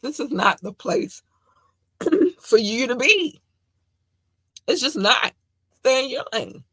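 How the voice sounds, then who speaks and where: Podcast host, woman, lively and bright, blunt and profane, dry close sound. Animated, emphatic delivery. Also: sits high, slow, husky, no room sound. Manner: animated and emphatic, with sudden loud outbursts. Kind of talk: casual chat.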